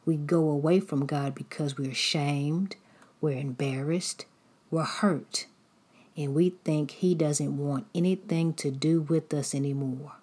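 A woman's voice: low voice, steady tone, a little slow, dark tone, husky. A woman preacher giving a sermon in a repetitive, rhythmic cadence.

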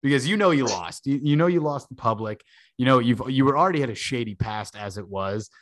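A man's voice: medium pitch, fairly quick, no room sound. Profane joking young man podcaster. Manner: profane, joking, animated storytelling. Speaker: podcast co-host. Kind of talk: casual podcast banter.

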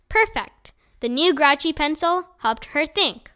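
A woman reading a children's chapter book aloud in a lively, expressive storytelling manner. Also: sits high, unhurried, hardly any pauses. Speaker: audiobook reader.

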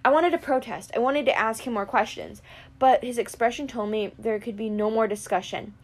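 A woman narrating a first-person audiobook with steady storytelling. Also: on the high side, brisk. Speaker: audiobook reader.

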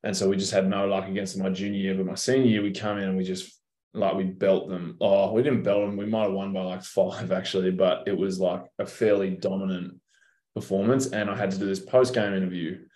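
Low, flat-voiced Australian man, roomy sound. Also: brisk. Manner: laid-back, swears freely, tells stories. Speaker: professional basketball player, guest. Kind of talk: casual interview chat. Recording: roomy echo.

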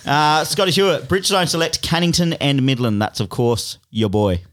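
Laid-back Australian male host with halting, filler-heavy chat. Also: fairly high pitch, a bit bright. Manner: loose, filler-heavy, laughing. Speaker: podcast host. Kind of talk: casual podcast chat.

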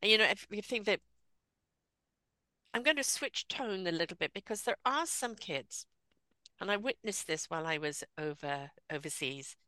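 Bright-voiced older woman host. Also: medium pitch, moderate pace, dry recording. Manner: animated, acts out little quoted voices. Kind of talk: conversational interview.

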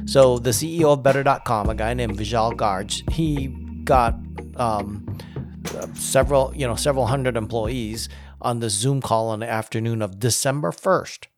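A man giving casual spoken commentary on leadership, emphatic and climbing higher in pitch as he presses a point. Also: moderate pace, over music. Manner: emphatic, rises in pitch when making a point.

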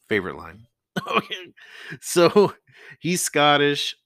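A man's voice: medium pitch, expressive, normal speed, fairly bright tone, no echo. A man hosting a casual solo podcast, rambling and swearing as he talks into a close mic. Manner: rambling, profane, laughs often. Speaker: podcast host.

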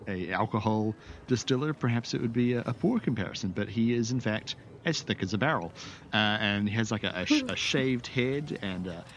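Halting male game master narrating. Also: fairly low pitch, lively intonation, a little hiss or hum. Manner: meandering, descriptive, halting.

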